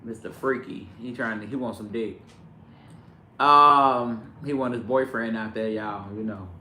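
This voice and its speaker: Bright-voiced man ranting in echoey room. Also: fairly low pitch, measured pace, a little hiss or hum. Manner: animated, profane, sudden loud outbursts. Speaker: vlogger. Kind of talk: casual chat to camera. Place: home indoors with pets.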